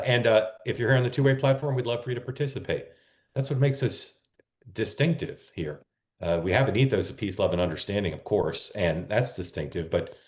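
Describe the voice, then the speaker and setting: A man's voice: lowish voice, reverberant. A man hosting a live political talk show, chatty and rambling, often correcting himself. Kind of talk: casual live-stream talk.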